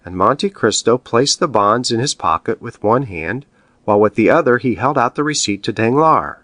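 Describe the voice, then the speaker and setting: A man narrates a classic novel with expressive storytelling. His pitch rises and falls freely, and the recording is dry and close. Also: moderate pace, dry recording. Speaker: audiobook narrator. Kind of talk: scripted narration.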